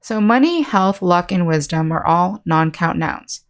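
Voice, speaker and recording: A woman English teacher giving a scripted online speaking lesson, explaining slowly and clearly with example sentences. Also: fairly low pitch, lively intonation.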